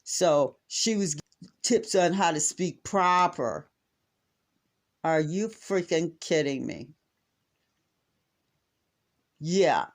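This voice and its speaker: A middle-aged man with an American accent recounts a family mishap in a casual, exasperated way. He talks in a slightly high register and keeps slipping into little acted-out bits of dialogue. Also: slow. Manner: exasperated, animated retelling with acted-out quotes. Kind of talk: casual storytelling to camera.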